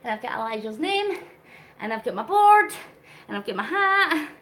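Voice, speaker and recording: This vlogger's high, fairly bright voice swings widely in pitch at a moderate pace as she rides an exercise bike for charity on a live stream. Slightly winded, she talks earnestly and emotionally, naming viewers and reading out what they comment.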